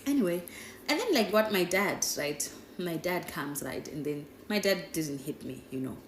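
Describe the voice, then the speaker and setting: A young woman telling a casual storytime, chatty and animated, constantly checking in with "right?" and "guys". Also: fairly low pitch, normal speed. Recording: echoey room with faint noise.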